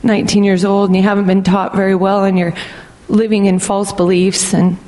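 A woman's voice: medium pitch, flat delivery, warm tone. Middle-aged woman, personal testimony, earnest and reflective, long reverb trailing her words. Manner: earnest, reflective, slow and deliberate. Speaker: speaker sharing a personal testimony.

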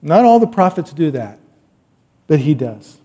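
A man's voice: on the high side, sing-song, a little slow, slightly rough, lo-fi sound. Middle-aged man preaching in a reverberant hall. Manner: conversational, rambling asides, rising to loud emphatic quotes. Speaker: pastor. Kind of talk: sermon.

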